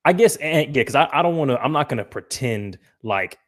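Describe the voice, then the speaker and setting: A man's voice: mid-range voice, lively intonation, a little fast. A man from Atlanta hosting a casual podcast, chatty and full of fillers. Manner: chatty, fillers, laughs while talking. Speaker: podcast host.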